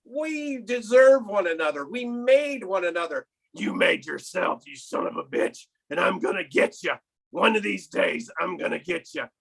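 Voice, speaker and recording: A man voicing a gruff, weary male caped vigilante in an improvised movie parody, with a gravelly, strained growl and a deadpan, grumbling manner. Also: sits high, normal speed, full character voice. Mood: gruff threat. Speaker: improv performer.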